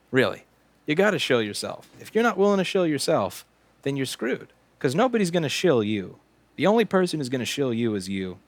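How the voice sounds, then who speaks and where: There's no room sound around this mid-range male voice. He's a repair technician in his late twenties hosting a casual livestream during repair work, and he chats in a joking, sarcastic, rambling manner.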